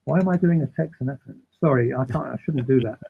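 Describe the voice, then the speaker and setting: A man guesting on an interview, telling animated, rambling anecdotes that keep interrupting themselves. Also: medium pitch, fast talker, vocal fry, husky. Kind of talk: casual storytelling. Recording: tinny phone-like line.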